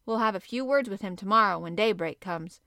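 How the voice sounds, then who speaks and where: A woman's voice: mid-range voice, fairly quick, vocal fry, bright, forceful tone, no echo, clean studio sound. A woman reading as a bold, blunt harpooner. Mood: confident. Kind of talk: audiobook character reading.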